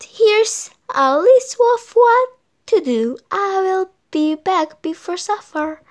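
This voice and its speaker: A woman voicing a fussy, bossy mother hen in a storybook, with a high, chirpy manner. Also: takes it slowly.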